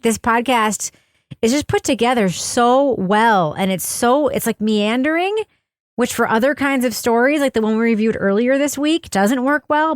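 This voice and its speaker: Chatty woman podcast host, bright voice. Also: on the high side, no room sound, clean studio sound. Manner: chatty, enthusiastic, quick asides. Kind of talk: casual podcast chat and outro. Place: home studio.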